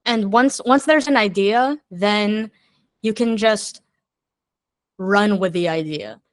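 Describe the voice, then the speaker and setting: A woman songwriter talking as a podcast guest in a candid, chatty way, thinking out loud as she goes. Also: medium pitch, takes it slowly, dry recording.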